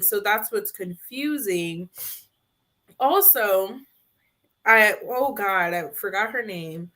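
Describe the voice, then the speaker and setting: A woman co-hosting a casual reality TV review, talking in an animated way with laughs and rambling asides. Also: medium pitch. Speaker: co-host.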